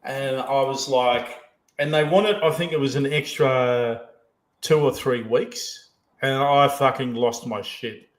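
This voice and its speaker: Guy hosting a podcast, swears constantly, rambles and restarts, normal pitch, echoey room. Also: steady tone, slow. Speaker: podcast host. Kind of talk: casual podcast chat. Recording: roomy echo.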